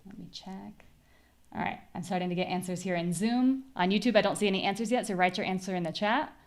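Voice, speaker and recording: American woman, live pronunciation teacher, clear and patient, punches stressed syllables when demonstrating. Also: medium pitch, fast talker. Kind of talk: live online class.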